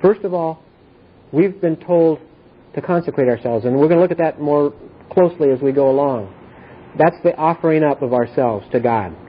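A man's voice: fairly high pitch, normal speed, slight background noise. A man leading an informal Bible study, explaining earnestly and often asking whether his listeners understand. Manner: earnest, repetitive explaining with frequent checks for understanding. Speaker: Bible teacher. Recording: tinny phone-like audio.

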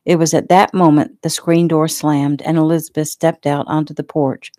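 Low-voiced woman reading her novel. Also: level tone, moderate pace, mellow, no room sound. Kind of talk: casual audiobook reading.

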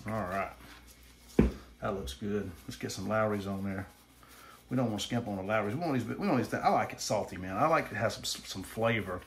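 On the low side and fairly bright, a middle-aged Southern man's voice moves briskly as he talks through his home cooking vlog, with a little hiss or hum. Folksy and rambling, he jokes at his own expense, going from kitchen to grill.

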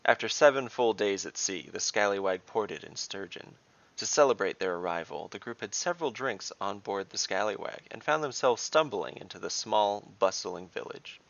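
Gravelly-voiced man narrating fantasy. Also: deep voice, lively intonation, normal speed, fairly bright tone. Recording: dull lo-fi recording.

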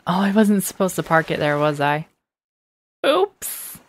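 Slow-talking woman gamer, teasing. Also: on the low side, big pitch swings. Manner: chatty, teasing the enemies. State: slightly hoarse. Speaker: gamer playing a shooter. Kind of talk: casual let's play commentary.

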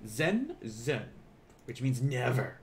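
Friendly male streamer-teacher, expressive pitch, faint hiss behind. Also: slow. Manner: encouraging, reads chat and asks questions. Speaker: online language teacher. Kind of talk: live-streamed beginner lesson.

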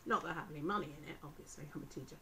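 A woman's voice: deep voice, rapid-fire, a bit bright, poor audio. A woman, a teacher, talking through a casual vlog complaint in a chatty, sarcastic, exasperated way. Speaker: vlogger.

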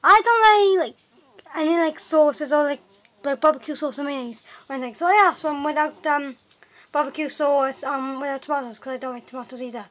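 Flustered high-voiced young woman. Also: a little fast, fairly bright tone, low-quality recording. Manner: rambling and flustered, heavy filler words. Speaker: vlogger. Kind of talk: casual vlog chat.

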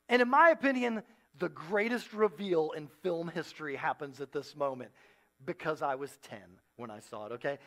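A man in his forties preaching a sermon as a pastor, telling a story with playful, animated acted-out quotes. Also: very high-pitched, normal speed. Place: church stage.

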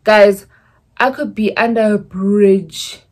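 A woman's voice: mid-range voice, fairly even intonation, slow, a little mellow. A young woman from South Africa with a South African accent, chatting casually in a vlog and slipping in Zulu phrases as she rambles through stories. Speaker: YouTuber.

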